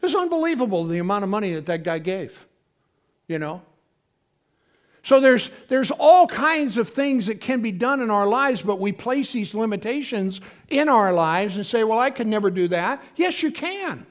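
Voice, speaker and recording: A man preaching a sermon as pastor, talking casually to his congregation, acting out quoted voices, with sudden loud bursts. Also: high voice, lively intonation, normal speed.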